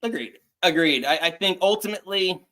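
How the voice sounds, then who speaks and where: Bright-voiced man hosting a podcast. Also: high-pitched, brisk. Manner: upbeat, moves the show along with segues. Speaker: podcast host. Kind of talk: casual wrestling chat.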